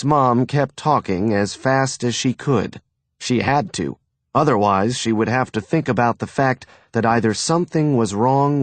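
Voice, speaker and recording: A man narrating an audiobook in an expressive storytelling manner. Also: medium pitch, measured pace, dry recording.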